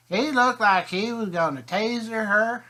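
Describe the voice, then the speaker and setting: A man's voice: sits high, pushed and bright. A man telling a rambling, folksy comic story as a video host.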